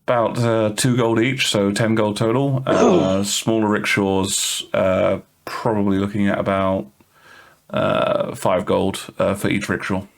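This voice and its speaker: A man with a lowish voice running a tabletop game as game master. He talks casually, hesitates and fills gaps with uh and um. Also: level tone, a little slow, vocal fry. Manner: casual, hesitant with many fillers.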